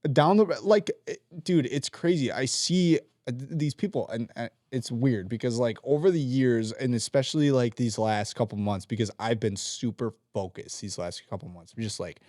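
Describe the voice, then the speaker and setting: A man mid-rant on a casual podcast, swearing freely as he vents with animated, blunt energy. His voice sits at an ordinary male pitch. It is recorded close and dry, with no room sound around it. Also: moderate pace, few pauses, no room sound. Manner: profane, ranting, animated. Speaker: podcast co-host; team leader at work. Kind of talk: casual chat.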